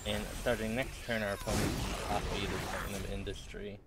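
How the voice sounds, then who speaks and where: A man's voice: fairly low pitch, little pitch movement, a little fast, hardly any pauses. A man casually commenting on his own card game play with wry, muttered reactions. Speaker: streamer playing a card game. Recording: audible background noise.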